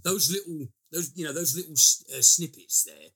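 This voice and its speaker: A man reviewing a film in casual podcast chat, animated and crude, breaking off mid-sentence. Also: on the high side, normal speed, slightly rough. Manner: animated, crude, self-interrupting.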